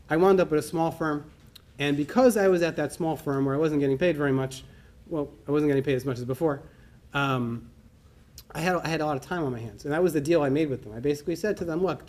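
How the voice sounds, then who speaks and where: A middle-aged New man talks fast and with a slightly raised pitch, telling a personal story to a conference room. He acts out the conversations, lifting his voice for the quoted lines. A faint hum of room ambience sits under his speech. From New York. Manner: animated storyteller acting out dialogue. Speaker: conference speaker. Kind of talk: personal story told to an audience. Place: conference hall.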